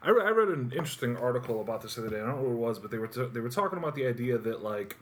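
A man's voice: medium pitch, lively intonation, racing. A man co-hosting a casual podcast, joking and rambling as he explains things. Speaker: podcast co-host.

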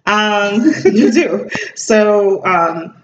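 A woman's voice: medium pitch, very slow. A woman hosting a podcast, talking casually and chattily, laughing often and using many fillers. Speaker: podcast host. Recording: dull distant recording with faint hiss.

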